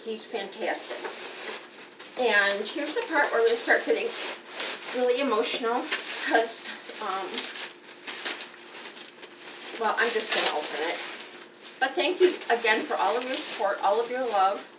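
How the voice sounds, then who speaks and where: A woman's voice: on the high side, lively intonation, normal speed, pauses often. A tired woman in her fifties giving a candid, emotional personal update in a casual vlog. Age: 50s. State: tired and unwell. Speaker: vlogger. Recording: roomy, distant, faint background noise.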